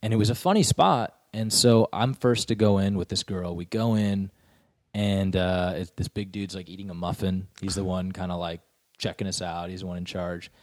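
Deep-voiced man telling animated stories. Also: moderate pace, no room sound, clean studio sound. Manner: animated storyteller, acts out quotes in high voices. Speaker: guest comedian and actor. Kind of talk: casual podcast chat.

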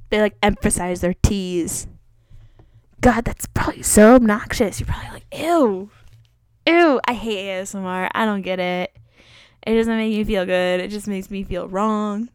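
Speaking slowly in a mid-range, clean-toned voice, this solo podcast host wanders through casual chat, poking fun at herself and leaning on plenty of filler words. The recording carries no room sound.

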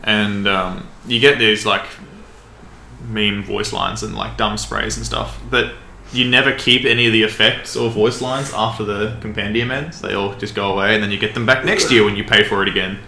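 A man's voice: on the low side, fairly even intonation, normal speed, vocal fry, pushed and bright, a little hiss or hum. An Australian man co-hosting a podcast, joking and complaining in casual chat. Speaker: podcast co-host. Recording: echoey room.

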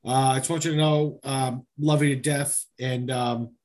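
A man's voice: mid-range voice, fairly even intonation, normal speed, a little mellow. A man hosting a podcast, chatting casually with joking, profane banter. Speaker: podcast host. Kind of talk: casual chat.

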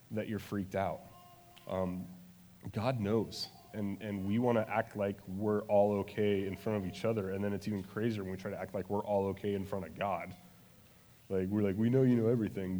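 Casual pastor preaching in an echoing hall. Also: male voice, on the low side. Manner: chatty, self-deprecating, acts out prayers with sudden loud passion. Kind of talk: casual conversational sermon. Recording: long hall reverb.

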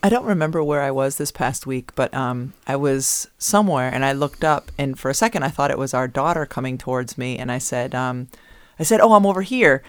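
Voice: medium pitch, fairly quick, smooth, dry recording, clean studio sound. A co-host in a casual chat who teases their partner and laughs while talking. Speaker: podcast co-host.

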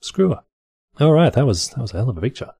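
A man with a mid-range, warm, slightly rough voice speaks in a sing-song way at a racing pace, with no room sound. He hosts a show where he casually reads encyclopedia articles aloud, breaking off into dry, wry, mildly profane comedic asides.

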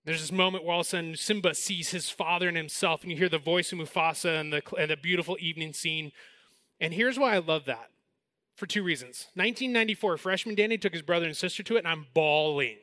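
Pastor, man in his 40s, lively storyteller, high bright voice, dry sound. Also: no room sound. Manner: animated storytelling, then slows and softens for the message. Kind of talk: sermon.

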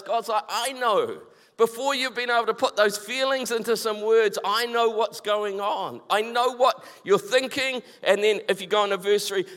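A man's voice: sits high, a bit bright. A man preaching an informal, conversational sermon, acting out back-and-forth dialogue as he goes. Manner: informal, acts out quoted prayers and replies in dialogue. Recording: long reverb.

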